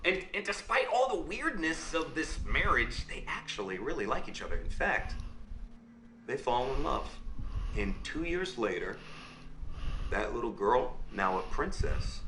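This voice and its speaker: A man acting a father in a game, telling a fairy tale as a bedtime story with quick asides to his listener. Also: mid-range voice, big pitch swings, sharp tone, roomy sound, slight background noise, low-quality recording.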